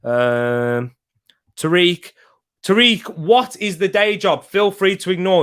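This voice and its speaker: A man's voice: high-pitched, takes it slowly, fairly bright tone, clean tone. A young man hosting a live football watch-along, chatting casually and answering viewers' comments by name.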